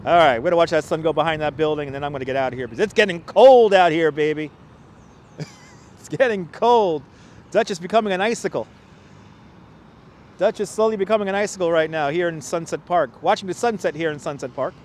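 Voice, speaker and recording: A man's voice: fairly high pitch, quick pace, darkish tone, a little hiss or hum. A man hosting a casual walking livestream outdoors in a city park, chatting and laughing as he answers viewer comments through a clip-on mic. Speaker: livestream host and tour guide. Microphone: wireless clip-on mic.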